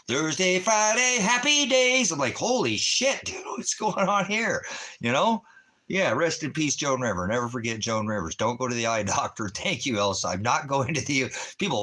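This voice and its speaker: A man's voice: on the low side, sharp tone, slightly rough. A man ranting to his viewers in a rambling, profane, heated way, often restarting his sentences. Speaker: livestreamer addressing viewers. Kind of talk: casual profane rant.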